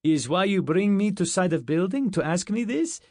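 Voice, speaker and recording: A blustering, bawdy Russian man with a thick Russian accent and broken English, as a male narrator puts him on. The voice sits higher and pushes louder than the reader's own. Dry, close studio sound. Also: very animated, moderate pace, no echo. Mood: brash. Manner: heavy accent, dropped articles, bawdy.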